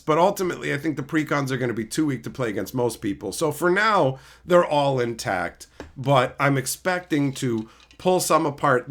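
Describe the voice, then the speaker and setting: A middle-aged man chatting casually on a live stream, reading chat and telling animated, profane stories. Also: mid-range voice. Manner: animated, profane storytelling, mimics people.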